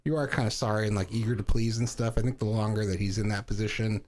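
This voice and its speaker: Joking low-voiced man prompting a friend. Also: fairly even intonation, quick pace, darkish tone. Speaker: podcast co-host. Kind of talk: casual chat.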